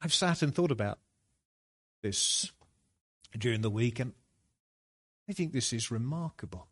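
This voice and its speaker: A man preaching a sermon, slow and deliberate, building to emphatic peaks. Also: mid-range voice, lively intonation, husky.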